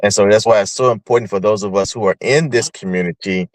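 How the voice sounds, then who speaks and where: A man hosting a podcast, explaining his points in a measured, thoughtful way. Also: lowish voice, dry recording, rough recording. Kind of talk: podcast discussion.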